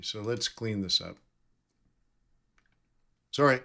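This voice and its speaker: A man streaming live trading commentary, his voice sitting low and his pace unhurried. He thinks aloud, reads figures off the screen and corrects himself often. Keyboard clicks and typing run behind him. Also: animated, fairly bright tone. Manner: thinking aloud, self-correcting, reading numbers off charts.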